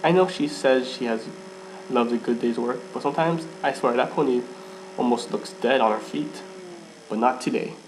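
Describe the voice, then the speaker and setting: A man with a middle-pitched voice reads a first-person fan story aloud. He often trips over words and restarts lines. A faint background hum sits under his voice. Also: normal speed. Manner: stumbles and restarts, laughs at himself. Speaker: fan fiction reader.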